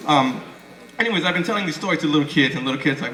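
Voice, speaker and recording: Racing through a stand-up comedy set on a club stage, a young comedian rambles, swears and stammers his way through restarts. His voice is on the high side, expressive, bright and forceful. The club sounds echoey, with crowd noise and the audience laughing.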